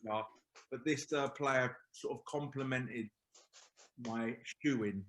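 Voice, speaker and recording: A middle-aged man, chatting as a podcast guest about his old teammates. He rambles through anecdotes, restarts his sentences and slips into quoted asides. His voice carries a roomy echo, sitting at an ordinary pitch for a man. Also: slow pace, fairly bright tone, a little hiss or hum. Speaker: podcast guest, former professional footballer. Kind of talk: casual chat, storytelling.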